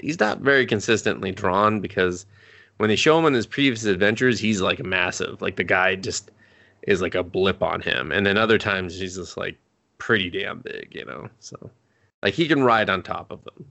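A man's voice: deep voice, normal speed, creaky, pushed and bright. A man co-hosting a podcast, casually recapping an anime episode in a rambling way, swearing freely and laughing as he goes. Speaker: podcast co-host.

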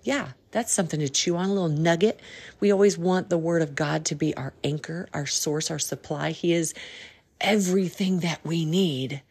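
Woman podcast host, low fry-laden voice, folksy and earnest, casual faith talk. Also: normal speed, a little mellow. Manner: folksy, rambling, earnest, Southern slang.

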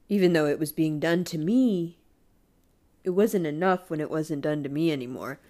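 A woman telling a personal story in a casual monologue, swearing freely and speaking with emphatic, animated energy. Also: low-pitched, normal speed.

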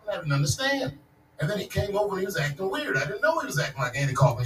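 A man's voice: high-pitched, sing-song, rapid-fire. A man in his forties performing a stand-up comedy set, telling loose, profane stories that build to punchlines in a large live venue. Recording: echoey live venue, distant mic, audience noise.

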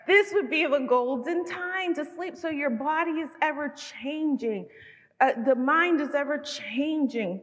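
A woman in her fifties giving a conversational sermon to mothers, telling stories with lively, relatable asides. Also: high voice. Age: 50s. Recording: long hall reverb.

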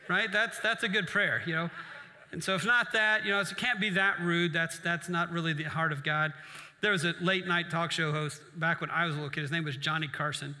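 Bright-voiced preacher man in a reverberant hall. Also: high voice, a little fast. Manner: conversational preaching with asides to the congregation. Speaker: pastor. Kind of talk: sermon.

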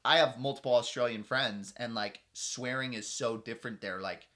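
A man in his late twenties co-hosting a podcast, chatting casually in an animated, teasing, joking way. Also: medium pitch, moderate pace. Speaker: podcast co-host. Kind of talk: casual chat.

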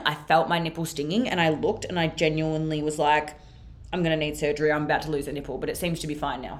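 A woman's voice: on the low side, fairly bright tone. Sweary young Australian woman telling a story. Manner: chatty, sweary, filler-heavy with frequent "like". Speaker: podcast host. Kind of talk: casual storytelling monologue.

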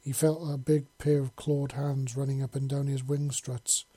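A man narrates a story in a casual, unpolished reading, stumbling and restarting words now and then. His voice is dark and husky. The recording is dry and close. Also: mid-range voice, level tone, moderate pace, dry recording. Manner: casual, with frequent slips and restarts. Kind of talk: reading a fan-fiction audiobook.

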